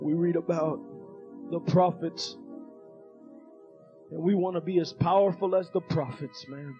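A male preacher delivering a revival sermon in a fiery, shouting style, with folksy phrasing and frequent "uh" breaths. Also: a little high, steady tone, a little slow, muffled recording, soft background music.

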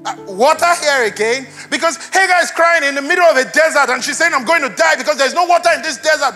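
Bright-voiced pastor preaching over soft music. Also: male voice, very high-pitched. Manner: playful, conversational, rising to loud emphatic preaching. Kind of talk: sermon. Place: church.

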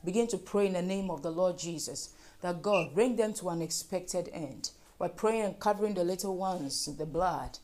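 A woman's voice: fairly low pitch, normal speed, a little mellow. A woman leading fervent group prayer, repeating petitions and breaking into speaking in tongues. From Africa. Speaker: prayer leader.

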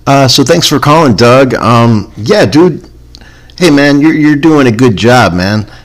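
A man's voice: medium pitch, animated, unhurried. A man hosting a comedy podcast, talking in a laid-back, dry way that often trails off. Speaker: podcast host. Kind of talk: casual comedy podcast chat.

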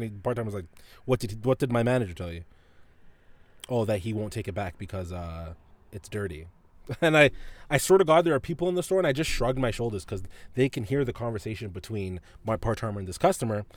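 A man's voice: mid-range voice, lively intonation, brisk, dry recording. A man hosting a podcast, telling a story in a casual, profane way and laughing often. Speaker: podcast host.

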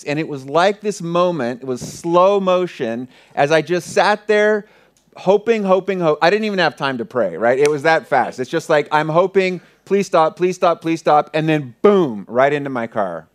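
A pastor preaching, retelling a personal story earnestly and often dropping to a hushed voice. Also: male voice, fairly high pitch, lively intonation, normal speed. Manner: earnest, vivid retelling with many soft hushed passages. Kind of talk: sermon storytelling.

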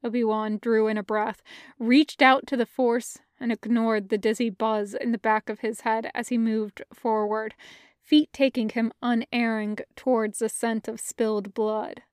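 Slow, high-voiced woman reading fan fiction. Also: flat delivery, clean tone, no echo, studio quality. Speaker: podfic reader. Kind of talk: fan fiction audiobook narration.

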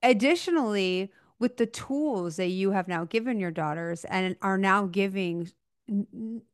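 A woman's voice: mid-range voice, a little slow, clear, resonant tone, dry recording, clean studio sound. A woman in her thirties hosting a podcast, asking questions in an effusive, emotional way. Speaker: podcast host. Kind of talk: conversational interview.

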